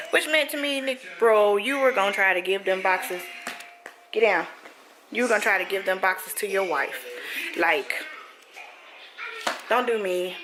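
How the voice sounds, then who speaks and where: Chatty woman vlogging from a car. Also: mid-range voice. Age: 30s. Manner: chatty, animated, quick to laugh. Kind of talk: casual chat to camera. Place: passenger seat of a moving car. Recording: road noise inside a moving car.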